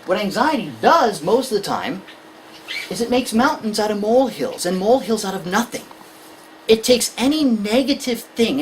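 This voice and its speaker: A woman's voice: fairly high pitch, a little hiss or hum, poor audio. A woman giving a conversational lecture to parents on anxiety in children, explaining with everyday examples. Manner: conversational, illustrates with examples and acted-out scenes.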